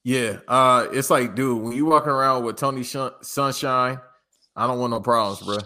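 A man's voice: mid-range voice, normal speed, bright, forceful tone, a little hiss or hum. A man from the West Coast of the US, co-hosting a podcast in laid-back, teasing, profane chat. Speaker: podcast co-host. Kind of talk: casual chat.

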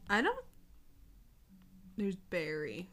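A young woman co-hosting a casual podcast, animated and quick to react with surprise. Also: fairly low pitch, echoey room, a little hiss or hum. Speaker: podcast co-host. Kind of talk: casual chat.

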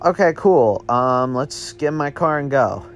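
A man's voice: medium pitch, expressive, a little slow, a little hiss or hum. A man doing an eager young ghost hunter.

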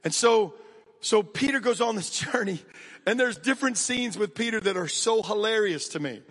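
High-voiced American preacher in a reverberant hall. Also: male voice, normal speed. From United States. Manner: energetic, conversational preaching with direct asides to the congregation. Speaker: pastor. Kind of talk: sermon.

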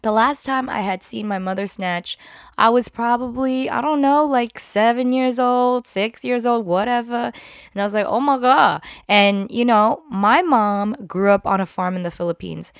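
A woman in her thirties hosting a podcast, telling a crude comic story in an animated, profane way. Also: fairly high pitch, normal speed, no room sound, clean studio sound. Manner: crude, animated, swears freely. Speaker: podcast host.

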